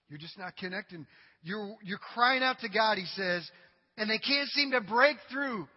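A male pastor preaching a sermon to his congregation, dramatic and humorous, swinging from loud cries to quiet asides. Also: high-pitched, moderate pace, husky. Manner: humorous, addresses the congregation directly. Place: church sanctuary. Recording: dull recording with long hall reverb.

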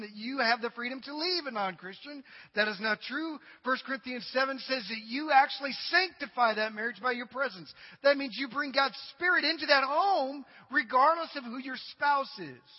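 A male pastor preaching a sermon to his congregation, dramatic and humorous, swinging from loud cries to quiet asides. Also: very high-pitched, normal speed. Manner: humorous, addresses the congregation directly. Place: church sanctuary. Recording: dull recording with long hall reverb.

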